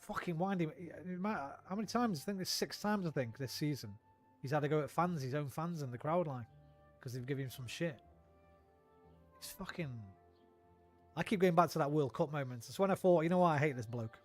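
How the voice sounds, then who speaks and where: A man's voice: fairly high pitch, a little fast, soft background music. A young man rants and swears casually while streaming a game. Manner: sweary, ranting. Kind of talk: casual gameplay chat.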